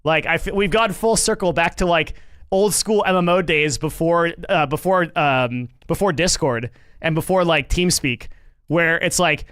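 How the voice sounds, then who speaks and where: A man talks through his livestream in a loose, rambling manner, swearing along the way. His voice sits a little high for a man. The sound is dry and close to the mic. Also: normal speed, fairly bright tone, smooth, no echo. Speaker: livestream host. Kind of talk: casual livestream commentary.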